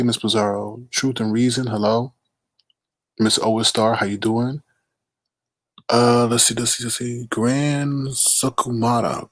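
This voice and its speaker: A man with a fairly low voice hosts a late-night live stream, loose and easygoing, teasing viewers as he greets them one by one. His voice sits close and dry on the mic, with no room sound behind it. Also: no echo. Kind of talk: casual live-stream chat.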